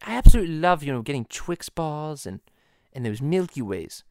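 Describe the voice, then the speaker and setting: A man's voice: a little high, very animated, normal speed, no echo, studio quality, pitched below the performer's own voice. A man doing a stammering cartoon baby. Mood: dreamy musing. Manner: timid, stammering apologies. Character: pompous cartoon baby boy.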